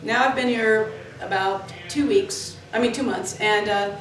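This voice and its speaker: A Florida woman who works at the club tells rambling, animated stories packed with fillers and tangents, her medium-pitched voice unhurried. She's interviewed indoors in the club building, in an echoey room with a distant mic and faint noise.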